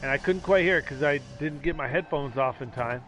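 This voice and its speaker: A man's voice: on the high side, a little fast, slight background noise. Rambling sarcastic man streaming a game. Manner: rambling, sarcastic, yelling at teammates. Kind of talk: casual gaming stream chat.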